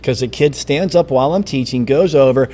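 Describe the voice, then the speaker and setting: A man's voice: medium pitch, a little fast, warm tone. A man in his fifties hosting a casual teacher podcast, who tells classroom stories and acts out his students. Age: 50s. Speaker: podcast host and middle school teacher.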